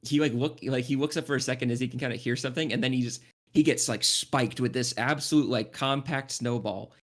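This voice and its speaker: A man's voice: mid-range voice, brisk. A man running a tabletop game as game master, narrating loosely with many restarts and frequent laughter.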